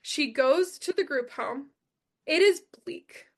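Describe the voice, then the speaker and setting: A young adult woman with a high voice tells her story as a podcast guest. She talks bluntly and emphatically, swears freely and repeats the lines that matter to her. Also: lively intonation, slow, a bit bright.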